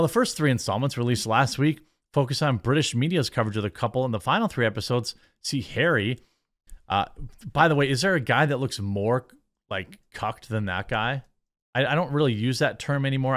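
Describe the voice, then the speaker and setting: American guy doing a sarcastic commentary rant, rambles, dismissive. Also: mid-range voice. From United States. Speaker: host.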